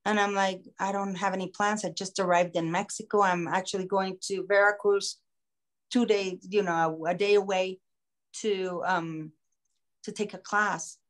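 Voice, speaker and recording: A woman podcast host telling a story in a casual, animated way, acting out the voices of the people in it. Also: medium pitch, moderate pace. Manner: animated, acts out quoted voices. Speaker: singer.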